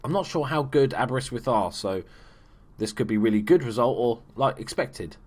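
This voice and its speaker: A man talks his way through a football management game in a loose, joking way. He swears casually and jumps into loud, excited shouts when his team scores. His voice sits at an ordinary middle pitch. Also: moderate pace. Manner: chatty, swears, bursts into excited shouts at goals. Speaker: gaming YouTuber. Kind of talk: casual let's play commentary.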